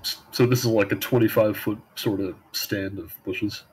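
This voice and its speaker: A man's voice: lowish voice, steady tone, moderate pace, a little mellow, husky. A man playing a tabletop game, chatting casually in a laid-back, wry way. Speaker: player.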